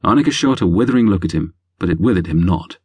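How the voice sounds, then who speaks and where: Deep, husky male audiobook narrator. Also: quick pace, dry recording. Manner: lively, wry storytelling. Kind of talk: scripted narration.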